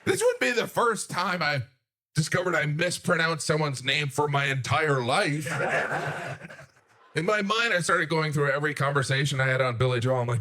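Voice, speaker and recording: Brief: male stand-up comic, self-deprecating, very expressive and bouncy in pitch. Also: brisk. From United States. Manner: animated, self-deprecating, jumps to high outraged acted-out voices. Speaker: stand-up comedian. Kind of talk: stand-up comedy routine.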